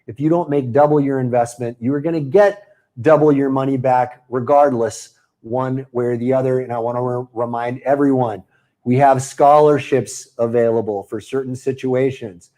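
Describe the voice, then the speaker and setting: A man hosting a live webinar, pitching a marketing program in a chatty, upbeat way and answering viewers by name. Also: fairly even intonation, moderate pace, warm tone.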